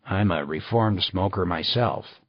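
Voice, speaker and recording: A man's voice: deep voice, a little slow, dry recording. A man voicing a guarded, terse male detective in an audiobook reading. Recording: slightly dull dry recording.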